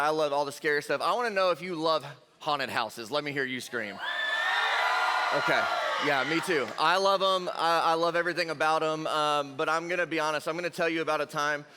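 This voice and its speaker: A young man giving a lively, jokey youth sermon and talking straight to the crowd. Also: fairly high pitch, slight background noise. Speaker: youth pastor. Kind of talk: energetic youth sermon storytelling. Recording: long hall reverb.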